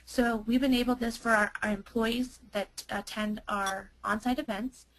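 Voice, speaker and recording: A woman's voice: fairly high pitch, fairly even intonation, normal speed, poor audio. A woman presenting a webinar product demo as a marketer, chatty, with many fillers and restarts.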